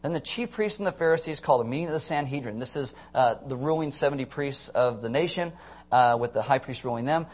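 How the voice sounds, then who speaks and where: A young man preaching a sermon, animated and joking as he tells the story, with sudden loud shouts. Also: medium pitch, quick pace. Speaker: pastor.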